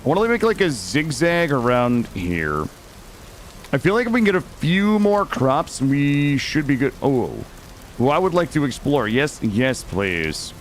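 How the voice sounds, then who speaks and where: A man's voice: medium pitch, very animated, unhurried, slight background noise. A man streaming a video game live, chatting to his viewers in a jokey, profane, rambling way, close on a studio microphone. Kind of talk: casual live gameplay commentary. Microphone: studio dynamic mic.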